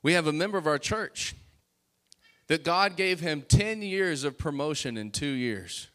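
A man preaching a sermon as pastor, calling out to the congregation and building to loud, emphatic bursts. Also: fairly high pitch, lively intonation, measured pace.

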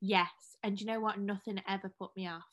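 A woman's voice: mid-range voice, fairly even intonation. Chatty woman podcast co-host at home. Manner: chatty, rambling, quick to laugh. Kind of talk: casual chat.

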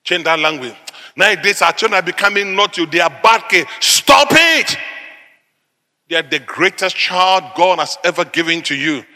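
A middle-aged man from Africa, preaching a sermon in emphatic, repeated declarations that burst into loud peaks. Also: fairly high pitch, a little fast, big-room sound.

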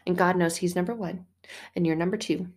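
A middle-aged woman hosting a casual faith podcast, chatty and animated, laughing now and then, swearing at times and acting out little quotes. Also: on the low side, fairly quick. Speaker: podcast host.

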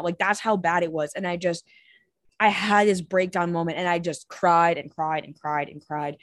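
A candid, chatty woman with a lowish voice, talking through a personal story as a podcast guest. She swears freely and leans on "like" as she goes. The recording is close and dry, with no room around her. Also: fairly even intonation, moderate pace, no room sound. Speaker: podcast guest, empowerment coach. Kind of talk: casual conversational storytelling.

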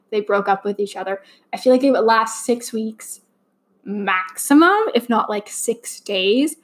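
A young woman talks through a fan podcast on her own, rambling and heartfelt, full of fillers and restarts. Her voice sits at an ordinary middle pitch, and she sounds a little choked up. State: slightly choked up. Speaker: podcast host. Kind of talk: casual fan podcast monologue.

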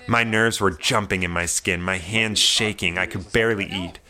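A young man narrating a personal story in a wry, measured way. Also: sits low, steady tone, a crowd in the background. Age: young adult.

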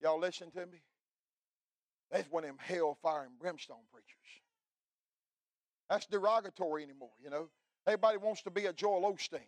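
A middle-aged man preaching a fiery revival sermon, swinging from loud cries to hushed telling. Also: sits high, fairly quick, pauses often, no echo. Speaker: pastor.

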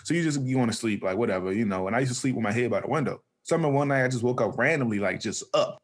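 A man spinning a childhood story at a quick clip, his voice sitting mid-range. He acts out the people in the story and laughs often as he goes, with in his speech. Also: mid-range voice. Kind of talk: casual storytelling.

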